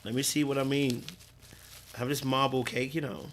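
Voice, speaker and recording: A man's voice: medium pitch, level tone, moderate pace, fairly bright tone, a little hiss or hum. A man from Britain, chatting casually as a podcast host in a loose, rambling way full of slang. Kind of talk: casual livestream chat.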